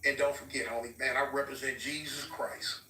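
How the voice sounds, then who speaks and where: A man's voice: mid-range voice, brisk. A man casually telling a story to his viewers and acting out the people he quotes. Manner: animated, acts out quoted dialogue. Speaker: vlogger telling a prison story. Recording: roomy sound from a distance with faint music.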